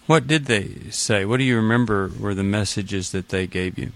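A man hosting a call-in counseling radio show, talking in a gentle, reassuring, conversational way. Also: fairly low pitch, moderate pace.

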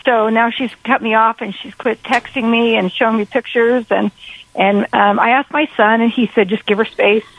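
A woman calling in on the phone to a radio show, hesitant and close to tears, with many pauses and fillers. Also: a little high, steady tone, phone-quality sound. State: fighting back tears. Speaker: caller. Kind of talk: call-in radio conversation. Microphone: telephone call.

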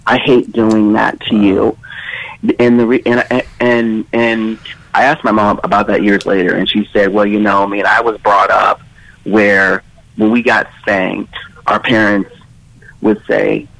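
Brief: male radio caller, halting and repetitive, dry close sound. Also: fairly low pitch, level tone, fairly bright tone, no room sound, poor audio. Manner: halting, repeating himself. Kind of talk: phone-in personal story.

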